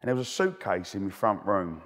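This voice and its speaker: A man's voice: sits low, sing-song, fairly quick, a bit bright. A man telling cheeky, chatty stories as a guest, often restarting his sentences. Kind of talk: telling anecdotes in interview. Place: debating hall. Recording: long hall reverb.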